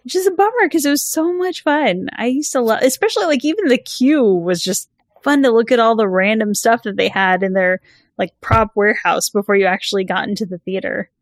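A woman's voice: a little high, brisk, no echo. A woman from California co-hosting a casual chat, enthusiastic and full of "like" and "you know".

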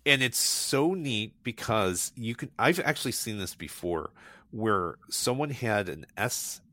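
A man with a somewhat low but bright, forceful voice tells stories in a casual, enthusiastic way. He circles back, restarts sentences and fills gaps with ums. The recording is dry and close, with no room sound. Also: animated, unhurried, dry recording. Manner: enthusiastic, rambling, frequent restarts and fillers. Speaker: guest recommending local car meets. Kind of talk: casual conversational storytelling.

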